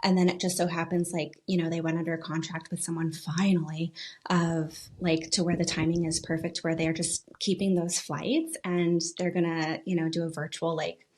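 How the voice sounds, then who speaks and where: Chatty young mom, lowish voice. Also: female voice, little pitch movement, moderate pace, a little mellow. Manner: chatty, gushing, lots of "like". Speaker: podcast co-host. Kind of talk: casual chat.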